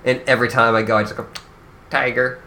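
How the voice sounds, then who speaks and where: A man co-hosting a podcast, reading out listener questions and chatting with quick, loose, nerdy enthusiasm. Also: medium pitch, little pitch movement, sharp tone, slight background noise. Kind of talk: casual podcast chat.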